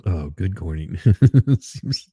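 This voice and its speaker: A man with a gravelly, husky voice hosts a casual morning livestream. He talks slowly, greets chat viewers by name, and laughs often as he goes. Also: deep voice, animated, dark tone, dry recording. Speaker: livestream host.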